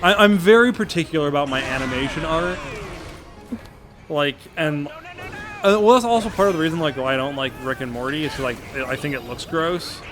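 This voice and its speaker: A man's voice: on the high side, moderate pace, over music. A man co-hosting a gaming podcast, chatting casually and opinionated during a playthrough. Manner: casual, opinionated, picky remarks. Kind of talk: casual chat over a game playthrough.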